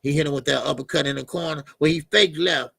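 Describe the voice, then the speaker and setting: A man's voice: on the high side, fast talker, vocal fry, sharp tone, slightly rough, no room sound. A man hosting a casual boxing live stream, rambling loosely, repeating himself and answering the chat. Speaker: boxing channel host.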